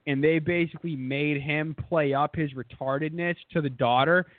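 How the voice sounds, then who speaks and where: Man, fairly high voice, profane storytelling, phone-like sound, dry. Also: steady tone, moderate pace, dry recording. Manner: profane, retells stories with mocking put-on voices. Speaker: podcast co-host. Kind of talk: casual storytelling chat.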